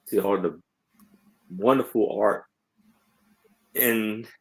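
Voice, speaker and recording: A man co-hosting a live sale, casually reading out and showing a picture book in simple phrases. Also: fairly low pitch. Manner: plain, slow, simple phrasing.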